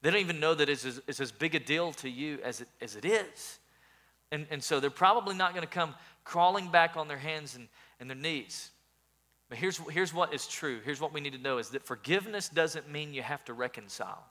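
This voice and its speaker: Bright-voiced male pastor preaching. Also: on the high side, brisk. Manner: earnest, repeats words when building a point. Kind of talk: sermon.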